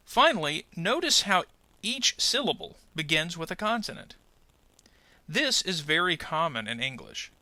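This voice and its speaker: Lively, bright-voiced male pronunciation teacher. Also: fairly high pitch, no echo. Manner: clear, deliberate, over-articulates example words. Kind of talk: scripted lesson voice-over.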